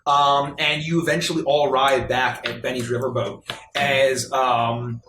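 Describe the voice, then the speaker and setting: A man's voice: mid-range voice, flat delivery, a little slow, sharp tone. Man narrating a tabletop game, roomy sound. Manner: meandering, descriptive, good-humored. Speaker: game master. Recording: roomy echo, faint noise.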